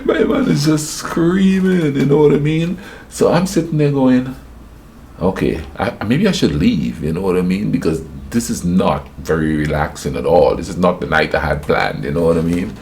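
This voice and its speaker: A man tells a personal story in a casual, animated way, acting out other people's voices and laughing often. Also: on the low side, creaky, slight background noise.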